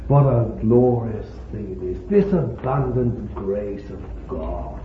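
A man's voice: fairly low pitch, animated, slow, few pauses, slight background noise. A man preaching a sermon with fervent, lingering emphasis on repeated words, recorded on a tinny old sermon tape in a roomy church hall.

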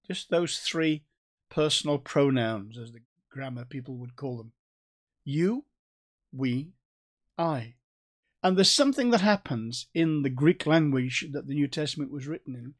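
Male preacher, North Staffordshire accent, fairly high-pitched, measured and emphatic. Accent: North Staffordshire English. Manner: measured, emphatic teaching delivery. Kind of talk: Bible reading and sermon.

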